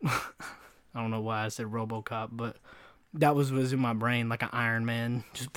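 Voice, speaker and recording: A man's voice: medium pitch, fairly even intonation, moderate pace, a bit bright, clear, resonant tone, no echo. A young man hosting a solo podcast, rambling through stories with frequent laughs and acting out the voices of people he quotes. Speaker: podcast host. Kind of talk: casual solo podcast storytelling.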